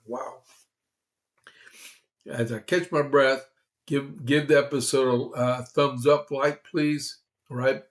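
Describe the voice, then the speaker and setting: A man hosting a casual political commentary livestream, rambling and conversational with many fillers and sarcastic asides. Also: medium pitch. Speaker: podcast host.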